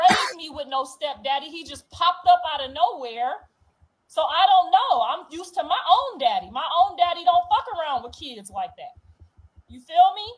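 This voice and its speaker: A woman delivering a raw, profane, defiant confessional monologue, moving from low brooding to loud outbursts. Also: low-quality recording. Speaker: reality show cast member.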